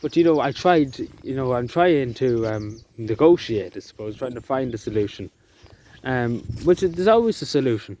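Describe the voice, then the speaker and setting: Man vlogging outdoors, soft-spoken and emotional, hesitant delivery, steady background noise outside. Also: medium pitch. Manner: halting, with many fillers and restarts. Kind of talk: emotional outdoor vlog talk. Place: outdoors in the countryside.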